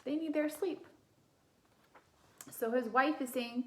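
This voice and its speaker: A young woman reading a children's picture book aloud as a teacher, gentle and animated, pausing to ask her listeners questions. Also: high-pitched.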